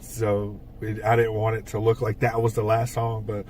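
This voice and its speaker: A man's voice: lowish voice, completely flat delivery, moderate pace, darkish tone, distant mic, slight background noise. A man co-hosting a casual podcast, telling rambling stories about writing his band's songs, with lots of fillers and swearing. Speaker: podcast co-host and band songwriter. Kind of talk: casual chat.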